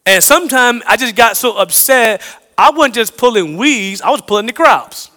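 A man from the American South preaching a sermon, swinging between loud emphatic lines and hushed low ones. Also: lively intonation, moderate pace, in a large hall.

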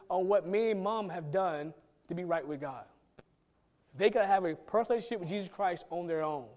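Man, pastor, high voice, emphatic conversational sermon. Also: a little mellow. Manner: emphatic, conversational preaching with acted quotes.

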